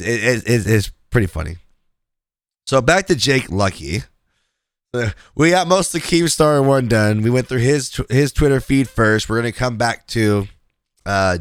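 Talking loosely about online drama, a male podcast host gives rambling casual commentary packed with fillers and restarts. His voice is on the low side, and the dry recording has clean studio sound.

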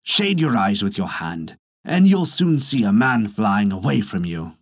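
A man voicing a sly old soldier, speaking slowly and calmly with a husky voice. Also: fairly low pitch, dry recording, studio quality, exaggerated voice. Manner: slow, unhurried, sly. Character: sly old soldier trickster, smooth and calm.

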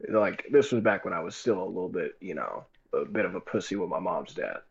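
A man's voice: low-pitched, brisk, creaky, slightly rough, highs cut off. A young man casually telling a rambling, profane story on a group voice call. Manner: profane, rambling, animated retelling.

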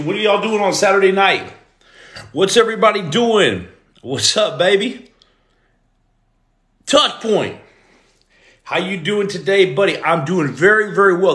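A man in his forties hosting a casual live stream, greeting viewers by name and breaking into loud outbursts. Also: a little high. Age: 40s. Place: room at home. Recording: echoey room.

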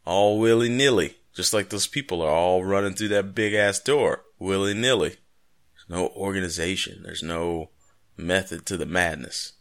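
Deep-voiced jokey podcast co-host. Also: male voice, moderate pace, a bit bright. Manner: jokey, rambling, playful asides. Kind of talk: casual podcast chat.

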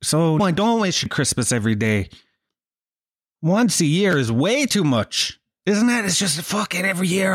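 A man's voice: high-pitched, sing-song, normal speed, a bit bright, no echo, clean studio sound. A man ranting in a casual vlog, sweary and sardonic. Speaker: vlogger. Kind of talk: casual rant to camera.

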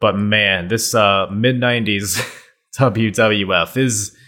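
A man's voice: on the low side, takes it slowly, sharp tone. A young man hosting a podcast, rambling casually through his intro and laughing at himself. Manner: rambling, self-deprecating, laughs often. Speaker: podcast host.

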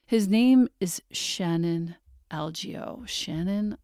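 A woman hosting a podcast introduces her guest, her voice sitting fairly low with a gravelly fry running through it. She speaks earnestly, laying out praise one item after another. The recording is dry, with no room sound. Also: measured pace, darkish tone, no echo. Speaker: podcast host.

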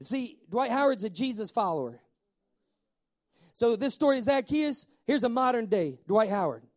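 A man preaching a sermon in a lively way, asking the congregation questions and slowing down to stress key words. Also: very high-pitched. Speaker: pastor.

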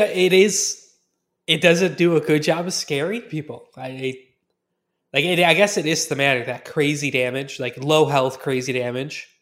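A man co-hosting a casual tabletop gaming talk, reacting with short agreements and adding quick points. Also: mid-range voice, a bit bright. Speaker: podcast co-host.

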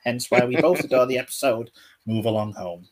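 A man hosting a casual podcast, a little hoarse, joking and self-deprecating. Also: medium pitch, a little fast. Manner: jokey, self-deprecating, playful teasing. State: slightly hoarse. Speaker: podcast host.

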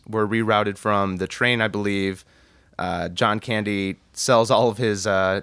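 A man's voice: fairly low pitch, a bit bright, clean tone, no room sound. A man from the Chicago suburbs hosting a casual podcast chat, rambling and laughing as he retells scenes. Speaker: podcast host reviewing a film.

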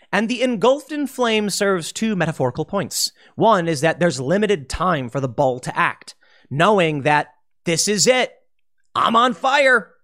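A man delivers solo political commentary in a fairly high, lively voice that swings widely in pitch. He talks with animation and drops into mocking impressions whenever he quotes someone.

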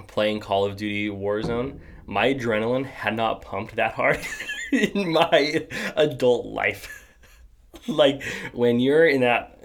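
A man's voice: fairly low pitch, fairly bright tone. A young adult man hosting a podcast in casual chat, rambling with many fillers and restarts and laughing often. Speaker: podcast host.

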